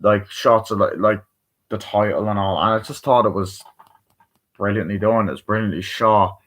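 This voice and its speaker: A man's voice: fairly low pitch, fairly even intonation, normal speed, a bit bright. A tired man casually reviewing a movie, rambling and swearing, with lots of fillers and restarts. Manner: rambling, full of fillers and profanity. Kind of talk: casual spoken film review.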